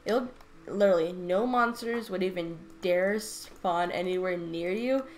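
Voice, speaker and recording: Excitable stammering woman gamer. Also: lowish voice, measured pace, soft background music. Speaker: let's play gamer. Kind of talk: casual gameplay commentary.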